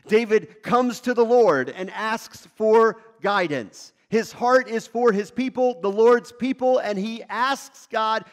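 A male lead pastor delivers a sermon in a high, animated voice. He talks conversationally, rising and dropping sharply in pitch and loudness as he makes his points. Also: takes it slowly, hardly any pauses.

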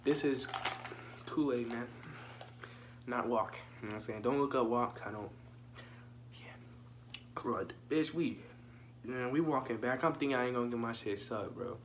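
A man's voice: mid-range voice, moderate pace, pauses often, a little hiss or hum. A young man telling a profane, slangy story in a casual vlog and joking directly with his viewers. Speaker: storytime vlogger.

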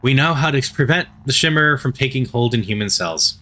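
A man reading the lines of a reserved woman doctor and chief engineer in an even, measured, neutral voice. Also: mid-range voice. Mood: calm.

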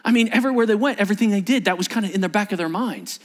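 A man's voice: high voice, very fast. A man preaching a sermon in church, dramatically acting out the voices of the people in his story. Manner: dramatic, acts out quoted disciples with shifting voices. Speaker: pastor.

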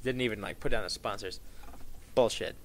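A man commentating on his own gameplay, swearing a lot and making sarcastic, excitable remarks. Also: on the low side, a little fast, slight background noise. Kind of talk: profane let's-play commentary.

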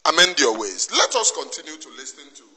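A man's voice: fairly high pitch, very animated, brisk, crowd noise. A man with a Nigerian Igbo accent in an impassioned monologue, scolding emphatically and repeating himself. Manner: emphatic, repetitive, preachy scolding. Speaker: activist commentator. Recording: long reverb.

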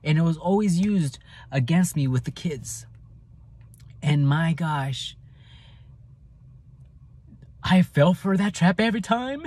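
A man with a high voice speaks in a raw personal account. He is emotional, circles back over his own words and swears freely. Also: animated, takes it slowly, pauses often, darkish tone, husky. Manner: emotional, repeats himself, swears. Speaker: vlogger telling his own story.

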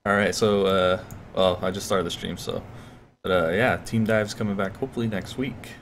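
A man's voice: low-pitched, fairly even intonation, normal speed, slight background noise. A man streaming a game while drunk, chatting loosely with a friend, laughing and swearing casually.

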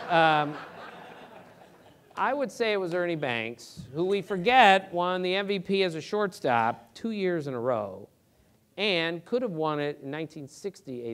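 A middle-aged man, a sports reporter, answering audience questions on a theater stage in an animated, earnest way, with emphatic rhetorical questions. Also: on the high side. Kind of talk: live Q&A talk.

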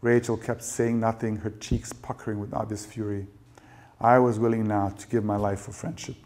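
A man reads his own fiction aloud to a lecture audience in a low voice. His delivery is measured and dry, and he lets each sentence land. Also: little pitch movement, darkish tone. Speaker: novelist reading his work. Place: lecture event.

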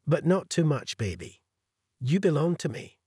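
A man's voice: a little high, sing-song, normal speed, warm tone, breathy edge, no room sound, studio quality, heavily acted. A man voicing a smug, possessive adulterous lover in a narrated story.

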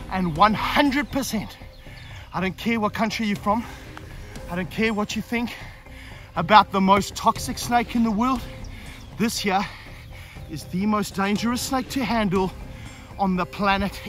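A high-pitched man gives an energetic snake-handling demonstration outdoors on the grass. He speaks straight to camera and breaks into whoops. Faint music plays behind him. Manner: energetic and excitable, with whooping calls. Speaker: snake handler and show host. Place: outdoors on grass in hot weather.

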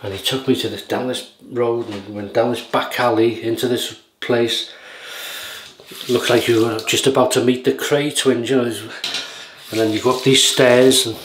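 A man chatting casually while shaving, telling rambling stories that often lose their thread. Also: mid-range voice. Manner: rambling, anecdotal, chuckling, loses his thread. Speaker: shaving vlogger. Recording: roomy with faint noise.

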